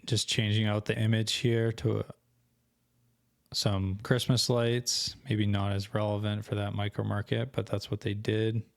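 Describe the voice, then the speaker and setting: A young man talks through a tutorial on his screen, thinking aloud and catching his own slips. His voice sits low, with little rise and fall, and is going a bit hoarse. The sound is dry and close to the mic. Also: level tone, a little slow, dry recording. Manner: thinking aloud, casual, self-correcting. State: losing his voice. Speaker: co-host of an online selling channel. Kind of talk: screen-share tutorial walkthrough.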